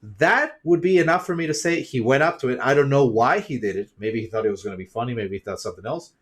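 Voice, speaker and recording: A man's voice: mid-range voice, fast. Rambling man lecturing his viewers. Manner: rambling, repetitive, emphatic lecturing; swears freely. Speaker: YouTuber and streamer. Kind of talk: casual vlog monologue.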